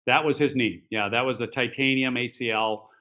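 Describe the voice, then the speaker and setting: A man's voice: medium pitch, steady tone, moderate pace, pushed and bright, rough recording. A man who is an orthopedic surgeon, telling patient stories on a podcast in a rambling way, with many fillers and acted-out dialogue. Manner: acts out quoted dialogue. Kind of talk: casual podcast storytelling.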